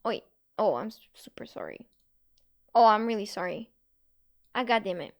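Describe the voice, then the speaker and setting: A woman's voice: medium pitch, sing-song, normal speed, creaky. A young woman streaming live, chatting casually with her viewers, giggling often and answering chat messages as they come in. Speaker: Twitch streamer.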